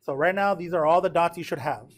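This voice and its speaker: A man's voice: fairly high pitch, fast talker. A man teaching a math class in a classroom, talking casually and checking in with his students often. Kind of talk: classroom lecture.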